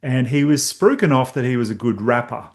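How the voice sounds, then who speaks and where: A man's voice: medium pitch, a little fast. A middle-aged man, a podcast host telling stories in casual conversation and acting out his own reactions.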